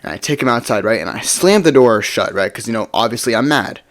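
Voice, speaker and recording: A young man telling a party story in a relaxed, rambling way, tacking "right?" onto his lines. His voice sits at an ordinary middle pitch. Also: fast. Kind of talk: casual storytime.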